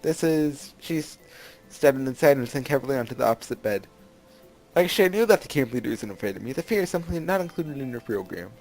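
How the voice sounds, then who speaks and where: A man's voice: medium pitch, quick pace, soft background music. A man hosting a let's play, reading game text aloud with commentary, laughing often and reading character lines with playful emphasis. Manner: laughs often, bursts into loud excited reactions.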